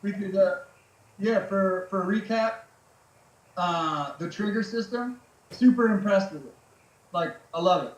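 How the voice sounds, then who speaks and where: High-voiced laid-back man telling stories. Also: unhurried, pauses often, echoey room, rough recording. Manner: laid-back, swears freely, many fillers. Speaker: podcast guest, military veteran. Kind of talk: casual storytelling chat.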